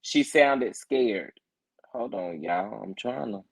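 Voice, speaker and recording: A man hosting a casual morning chat, reacting to viewer comments and getting emphatic and loud when worked up. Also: lowish voice, takes it slowly, gravelly, slightly rough. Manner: animated, emphatic, rising to loud protest when fired up. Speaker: reality TV commentary host.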